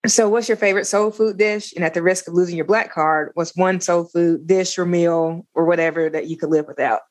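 A woman from Louisiana hosts a casual interview, asking easy questions. Her voice sits a little low, and she answers with quick, warm laughs. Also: steady tone. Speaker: host.

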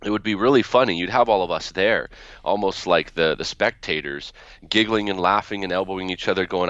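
A man's voice: on the low side, animated, a little fast, a bit bright, no room sound. A man being interviewed as a guest author on a podcast, telling family stories with frequent restarts. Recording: dull, lo-fi.

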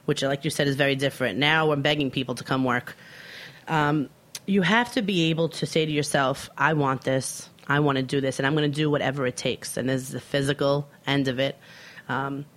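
A woman in her thirties, a chef from Brooklyn, telling stories in a casual interview and acting out the dialogue as she goes. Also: low-pitched. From Brooklyn, New York, USA. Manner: animated storyteller who acts out quoted dialogue. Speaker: chef, guest.

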